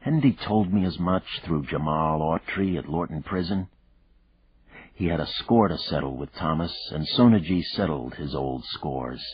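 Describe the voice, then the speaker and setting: A man reading a thriller audiobook in the first person, measured and reflective. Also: a bass voice, slightly rough, no echo. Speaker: audiobook narrator. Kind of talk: first-person scripted narration. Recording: dull lo-fi dry recording.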